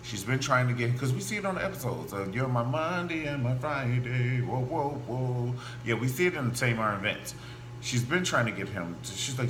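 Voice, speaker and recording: Campy male gossip host, lively swooping delivery, roomy echo. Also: mid-range voice, a little fast. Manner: animated and campy, full of asides. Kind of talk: casual celebrity gossip monologue. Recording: echoey room with faint hum.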